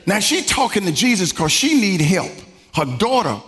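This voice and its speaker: A male pastor preaching a sermon in a style, swinging from low murmurs to high exclamations. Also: very animated, moderate pace, a bit bright. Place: church sanctuary. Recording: long reverb from a large church hall.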